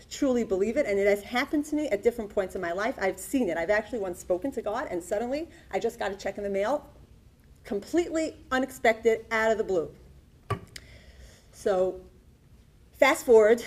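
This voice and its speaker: A woman giving a personal testimony at a conference, telling her story in an earnest, animated way. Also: medium pitch, fairly quick. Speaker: conference speaker. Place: conference hall.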